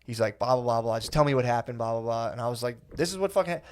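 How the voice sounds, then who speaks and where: A young man telling a profane, animated comedy story on a podcast, acting out the quoted lines. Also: mid-range voice, quick pace. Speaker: podcast guest.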